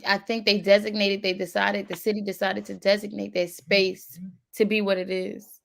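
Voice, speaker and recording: A woman's voice: mid-range voice, little pitch movement, normal speed, creaky. Thoughtful Philadelphia woman chatting. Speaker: co-host. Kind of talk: casual chat.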